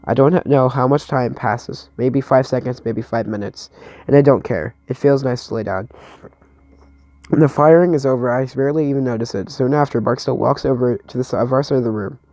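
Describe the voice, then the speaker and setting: Gravelly man reading a game story aloud. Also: medium pitch, fairly quick, darkish tone, no room sound, low-quality recording. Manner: stumbling over words, restarting. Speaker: narrator and player.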